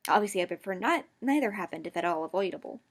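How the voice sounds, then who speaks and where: A woman's voice: mid-range voice, expressive, quick pace. A woman reading a fan story aloud, stumbling and correcting misread words. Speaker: fan fiction reader.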